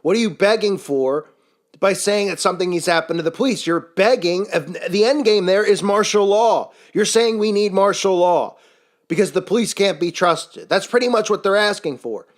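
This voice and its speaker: A man's voice: high-pitched, normal speed. A man delivering a scornful, sarcastic commentary rant, full of rhetorical questions. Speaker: commentary channel host. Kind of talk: ranting monologue commentary.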